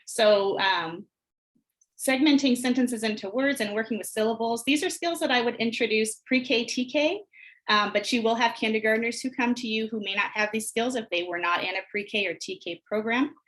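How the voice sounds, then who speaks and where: Speaking into her computer mic on a video call, a female teacher trainer runs a workshop on early reading skills. Her voice is fairly high and a bit bright, her explanations are clear and instructional, and she slows to demonstrate short words and sentences for the audience.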